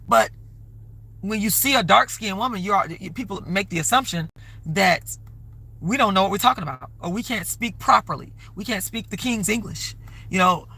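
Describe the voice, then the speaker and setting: A woman's voice: fairly low pitch, gravelly, bright, forceful tone. A woman hosting a live stream, talking casually and rambling, often stopping to ask for donations. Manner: rambling, conversational, keeps plugging donations. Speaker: livestream host.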